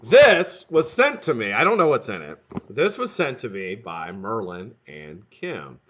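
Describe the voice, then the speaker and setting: A man hosting a live stream in casual chat, greeting viewers by name and swearing freely, his voice sounding a bit hoarse. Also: fairly low pitch, big pitch swings, unhurried, fairly bright tone, highs cut off, slight background noise. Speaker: livestream host.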